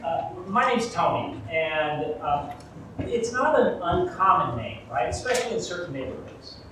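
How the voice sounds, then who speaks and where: Guy from rural arkansas doing a funny story onstage, high lively voice, big echoey theatre from far off. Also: unhurried, very noisy. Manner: animated, comic, shouts quoted lines. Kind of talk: live storytelling performance. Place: theatre stage.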